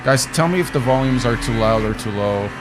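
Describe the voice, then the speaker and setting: A man's voice: medium pitch, lively intonation, a little fast, noisy background. A man streaming a racing sim, chatting casually with his viewers, often cutting himself off mid-sentence. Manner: fidgety, self-interrupting, talks to chat while fixing audio. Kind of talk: casual live stream chat while driving.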